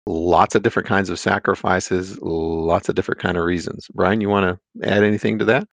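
A man co-hosting a conversational Bible study discussion, citing scripture in a measured way with frequent fillers. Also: low voice, fairly even intonation, no echo.

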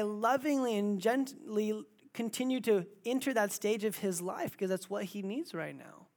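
A man in his thirties preaching a sermon as pastor, moving between quiet, intimate asides and loud, emphatic exclamations. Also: sits high, normal speed, gravelly. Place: church.

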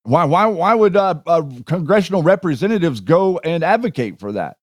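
A man's voice: on the high side, expressive, normal speed, no echo, studio quality. Argumentative man, stumbling restarts. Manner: repeats words when starting, argumentative. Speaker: co-host. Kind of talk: casual political talk stream.

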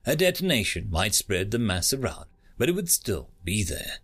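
Creaky-voiced male audiobook narrator. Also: lowish voice, moderate pace. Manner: steady storytelling. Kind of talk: scripted narration.

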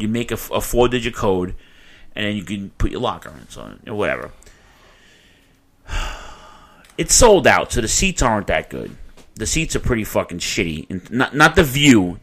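A man's voice: fairly low pitch, fairly bright tone. A man co-hosting a casual chat, telling a story with plenty of swearing and animation. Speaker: podcast co-host telling a story.

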